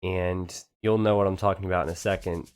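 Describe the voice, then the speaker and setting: A man giving casual, excitable commentary on a strategy game match, chatting to his viewers. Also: low-pitched, fairly quick, smooth. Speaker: game caster.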